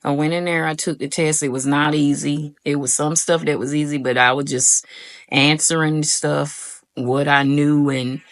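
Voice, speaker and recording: A young adult vlogger tells viewers her own story, calling them y'all and animatedly acting out what she said back then. Her voice is low-pitched at a normal speed.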